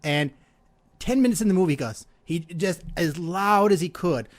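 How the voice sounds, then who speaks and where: A man's voice: high voice, lively intonation, normal speed. A middle-aged man hosting a casual podcast chat, telling self-deprecating stories with frequent laughs. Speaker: podcast host.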